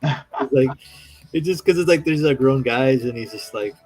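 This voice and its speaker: Guy rambling about games on his art stream, gets loud and lively doing other people's lines, faint music under it. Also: mid-range voice, moderate pace, slightly rough, poor audio. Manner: animated storyteller, acts out quotes in raised voice. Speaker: streaming artist. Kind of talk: casual chat.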